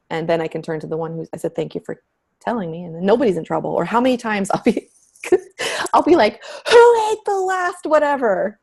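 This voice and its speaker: Middle-aged woman, low husky voice with some fry, candid storyteller. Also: darkish tone. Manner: candid, storytelling, emphatic with frank language. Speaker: guest. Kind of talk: conversational interview.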